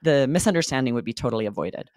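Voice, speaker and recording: A woman's voice: rumbling low, rapid-fire, no echo, clean studio sound. A woman co-hosting a casual English-learning podcast, explaining phrases and acting out example lines. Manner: animated, acts out example phrases. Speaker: podcast co-host, English teacher. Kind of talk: casual conversational lesson.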